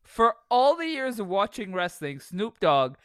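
A man's voice: high voice, a little slow, clear, resonant tone, no room sound. A man co-hosting a podcast in casual chat, laughing often and swearing heavily as he tells stories. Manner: laughing often, heavy swearing, animated storytelling. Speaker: podcast co-host.

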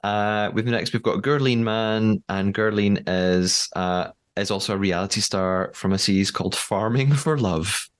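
A man's voice: fairly low pitch, measured pace, hardly any pauses, clear, resonant tone. A man hosting a podcast in casual chat, chatty with frequent fillers and easy laughter. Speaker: podcast host.

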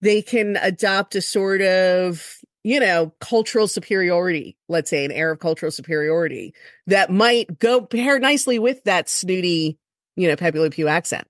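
A woman's voice: on the low side, normal speed, no room sound, clean studio sound. A woman hosting a podcast, chatting casually with a wry, playful manner. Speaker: podcast host. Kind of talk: casual interview chat.

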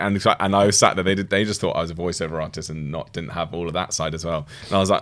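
A man, a guest actor, chatting casually and telling stories in an animated way. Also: sits low, quick pace, few pauses. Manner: animated storyteller, lively voice impressions. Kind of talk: casual chat.

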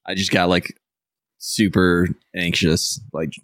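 A man's voice: low voice, level tone, slow pace, a bit bright, dry recording, studio quality. A man with a head cold, playing in a tabletop game and joking with friends over a call, giggly. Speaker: player. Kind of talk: casual chat.

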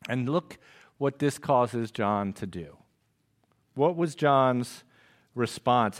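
Casual, high-voiced preacher man. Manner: casual, conversational preaching with slang and rhetorical questions; swings from quiet and slow on scripture to loud and quick on stories. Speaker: pastor. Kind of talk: sermon.

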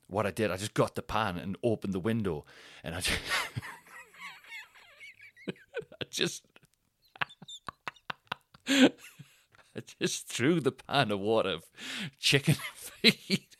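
A man's voice: on the low side, big pitch swings, slow pace, pauses often, dry recording, clean studio sound. A man, a stand-up comedian hosting his own podcast, telling a story casually and laughing as he acts out the people in it.

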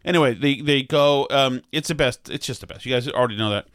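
A man's voice: medium pitch, fast talker, fairly bright tone, no echo, studio quality. A man in his fifties hosting a podcast, joking and rambling in casual chat. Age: 50s. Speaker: podcast host.

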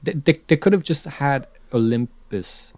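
A man's voice: mid-range voice, lively intonation, a little slow, over a noisy crowd. A man co-hosting a casual film podcast, talking animatedly and repeating words as he builds his point. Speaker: podcast co-host.

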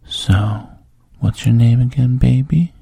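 A whispered role-play in which a man plays a pushy young fraternity guy with a gravelly, breathy low voice. He coaxes slowly and lingers on pet names. The sound is close and dry. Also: warm tone, no room sound, exaggerated voice. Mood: coaxing. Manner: coaxing, calls the listener baby and sweetheart. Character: smooth-talking young male fraternity guy, coaxing and pushy.

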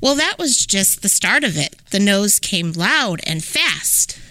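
A woman hosting a podcast, reading a rhyming children's story aloud in an expressive, sing-song way. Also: medium pitch, slow, dry recording. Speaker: podcast host.

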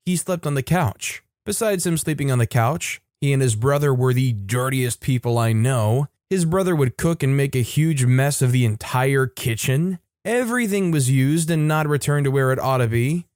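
A man's voice: mid-range voice, a little mellow, no room sound, clean studio sound. A man reading a reddit story aloud as scripted narration, keeping quoted lines in his own voice.

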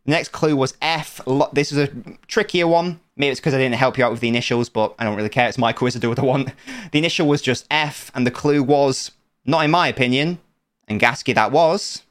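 A man's voice: mid-range voice, brisk, fairly bright tone. A young man hosting a podcast quiz segment in a casual, playful, teasing way, often laughing. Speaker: podcast host running a quiz.

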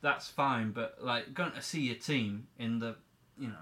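A man's voice: medium pitch, a little slow, bright, forceful tone. A young man co-hosting a casual football podcast, telling a story with swearing and laughter. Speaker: podcast co-host. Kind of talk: casual chat.

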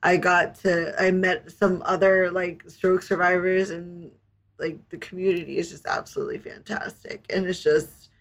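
Halting, grateful woman with a gravelly voice. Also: lowish voice, little pitch movement. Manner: halting, grateful, many restarts and fillers. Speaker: interview guest. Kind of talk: emotional interview conversation.

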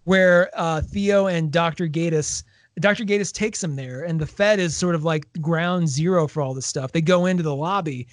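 A man co-hosting a casual chat, retelling scenes with lively acted-out quotes. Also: fairly high pitch, normal speed, no echo, clean studio sound. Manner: animated storyteller, acts out quoted lines. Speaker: podcast co-host. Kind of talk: casual chat about a book series.

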